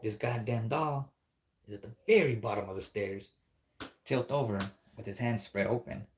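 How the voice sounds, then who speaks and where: A man's voice: lowish voice, moderate pace. A man telling a spooky story in a casual, rambling, profane way, acting out the dialogue as he goes.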